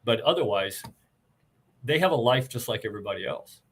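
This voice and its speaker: A man's voice: mid-range voice, expressive, a little fast, breathy edge. An older man, a retired army officer, talking earnestly and plainly about leadership as an interview guest.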